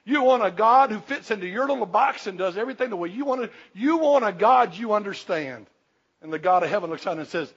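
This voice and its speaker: A man's voice: high voice, normal speed. A man preaching a sermon in a folksy, humorous, emphatic way. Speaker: pastor. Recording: dull lo-fi recording.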